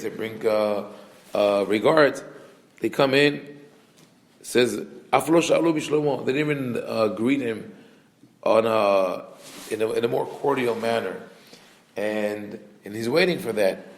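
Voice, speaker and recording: A man, a rabbi, teaching a Torah class, reading Hebrew text quickly and then explaining it in a conversational way. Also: medium pitch, gravelly. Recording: echoey room.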